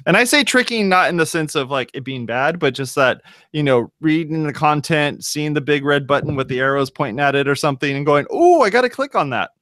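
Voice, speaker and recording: A man's voice: fairly high pitch, brisk, fairly bright tone, dry recording, clean studio sound. A man co-hosting a casual web talk show, rambling and correcting himself as he thinks aloud. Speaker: podcast co-host. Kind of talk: casual chat.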